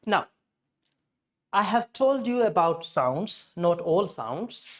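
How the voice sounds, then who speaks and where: A man's voice: sits high, very animated, slow pace, fairly bright tone. A man with an Indian English accent teaching a pronunciation lesson, explaining patiently and often correcting himself mid-sentence.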